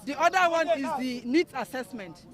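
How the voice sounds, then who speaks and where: A woman with a Nigerian accent, a government education director, calmly explaining official steps to protesting students outdoors. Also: high voice. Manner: measured, bureaucratic explanations. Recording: outdoor crowd noise.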